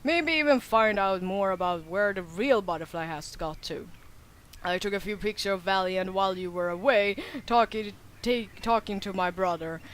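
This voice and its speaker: A woman's voice: mid-range voice, moderate pace, natural voice. A woman doing a sheepish, remorseful young man. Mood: regretful. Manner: sheepish, self-blaming. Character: remorseful young man fretting over a lost horse. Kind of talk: reading game dialogue aloud.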